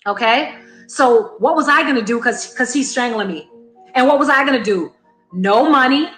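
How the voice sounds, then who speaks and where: A woman's voice: high voice, a bit bright, reverberant. A woman giving an earnest, emphatic commentary, explaining things to her audience. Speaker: commentator and former cult member. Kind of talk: commentary monologue.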